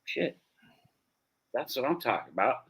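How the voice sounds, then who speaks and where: A man's voice: medium pitch, big pitch swings, moderate pace, a bit bright, breathy edge. A man from the United States co-hosting a casual sports talk show, loose and profane, calling everyone dude and bro. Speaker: co-host.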